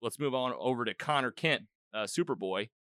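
A man hosting a casual chat, retelling an episode in a rambling, animated way with quoted lines. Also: medium pitch, a little fast, clean tone, dry recording, studio quality. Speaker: podcast host.

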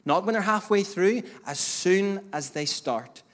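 A man's voice: sits high, expressive, unhurried. A man preaching a sermon as pastor, speaking emphatically with repeated phrases and direct address to the congregation. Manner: emphatic preaching with rising bursts and repetition.

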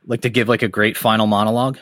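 Speaking very fast in a lowish, slightly bright voice with little pitch movement, a man hosts a podcast and shares personal stories in casual chat. He's candid, profane and heated, and the clean studio sound has no echo.

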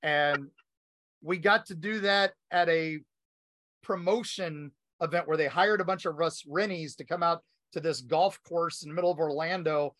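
A man's voice: on the high side, moderate pace, fairly bright tone, no echo. Rambling man, very dry sound. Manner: rambling storyteller, many ums and you-knows. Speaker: podcast co-host. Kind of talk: casual chat.

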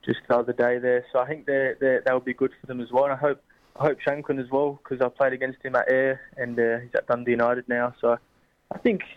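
A Scottish footballer answering questions on a radio show, halting and unsure, with a mid-pitched voice. The sound is a bit dull and muffled, as if from a weaker line. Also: male voice, flat delivery. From Scotland. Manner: hesitant, many ums and restarts. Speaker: guest footballer.

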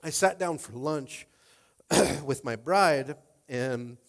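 A man's voice: medium pitch, takes it slowly. Tearful man pastor, rambling and casual. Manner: casual, emotional, rambling with many fillers. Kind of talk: sermon.

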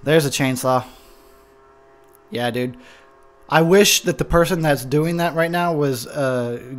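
A man's voice: fairly high pitch, unhurried, pauses often. A man giving a rambling, profane movie commentary from his home mic, ranting as he drinks. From Texas. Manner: rambling, swearing, frustrated ranting. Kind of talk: drunk casual movie commentary. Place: home room near a window. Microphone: home recording mic.

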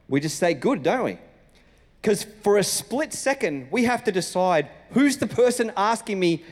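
A man with an Australian accent, a senior pastor giving a sermon in a conversational, storytelling way, acting out the greetings he quotes. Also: high-pitched. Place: church auditorium. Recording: long reverb from a church hall.

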